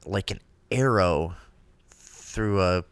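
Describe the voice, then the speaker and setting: A man's voice: deep voice, extremely slow, clear, resonant tone, dry recording. A man co-hosting a talk show, trading crude jokes and laughing through casual banter. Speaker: podcast co-host.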